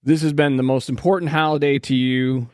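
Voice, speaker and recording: A man hosts a podcast in loose, crude, joking banter. His voice sits at a middling pitch. The sound is dry and close, with no room echo. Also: fairly even intonation, fairly quick, a little mellow, smooth. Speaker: podcast host. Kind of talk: casual chat.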